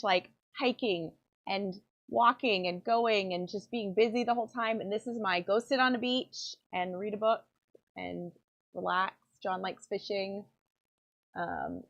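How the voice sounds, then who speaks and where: A woman chats in a loose, rambling way, full of ums and likes, as she works in her pen workshop. Her voice has a gravelly edge, sits at a middle pitch, and comes through a dull, lo-fi recording. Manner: rambling, chatty, many fillers. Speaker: pen maker and channel host. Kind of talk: casual chat while working. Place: home workshop. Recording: dull lo-fi sound.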